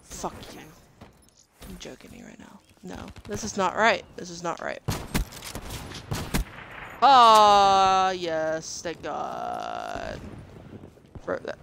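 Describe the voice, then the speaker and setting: A woman's voice: fairly low pitch, animated, normal speed, gravelly, slight background noise. A young adult woman streaming gameplay, frustrated and cursing at opponents as she plays. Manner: frustrated, swearing, shouting at opponents. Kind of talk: live gameplay commentary.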